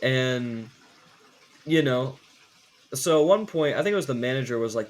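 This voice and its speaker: A man's voice: medium pitch, normal speed. A young man vlogging, telling a story in a rambling, casual way with lots of filler words. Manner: rambling, animated, lots of "like" fillers, acts out quotes.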